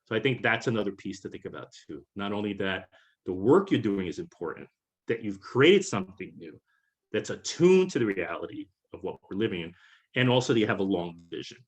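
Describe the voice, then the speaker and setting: A Puerto Rican man, a webinar guest on a video call, speaks with a lowish, animated voice at a slightly quick pace. His talk is reflective and conversational, and he often checks in with "right?".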